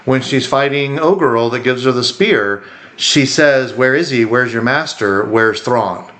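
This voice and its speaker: This podcast co-host is a man whose medium-pitched voice moves a little slowly. He chats casually, rambling in an animated way and performing the quotes he repeats.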